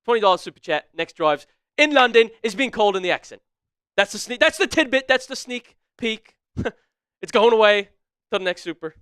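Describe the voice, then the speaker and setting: An excitable man co-hosting a live sports stream, his voice swinging up and down with lively pitch. His tone is smooth and clear, fairly high for a man, recorded dry on a close mic. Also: brisk, no echo. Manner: excitable, laughs often, reads chat names aloud. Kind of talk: casual live-stream play-by-play chat.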